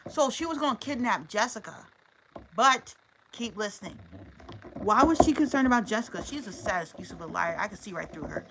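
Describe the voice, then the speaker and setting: A woman's voice: mid-range voice, expressive, a little fast, a bit bright, slight background noise, poor audio. A woman reading a story aloud on a livestream, chatty and talking straight to her viewers.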